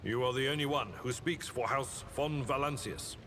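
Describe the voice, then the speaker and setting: An actor playing a stern, dutiful male ship officer, giving orders in a formal, commanding, measured way in video game dialogue. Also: medium pitch, fairly even intonation, pushed and bright, slight background noise, close to an everyday voice. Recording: long reverb on game dialogue.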